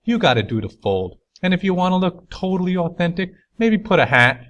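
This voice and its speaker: A man voicing a brash New Yorker with a thick New York accent, loud and emphatic. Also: high voice, sing-song, fairly quick, muffled recording, voice pushed up.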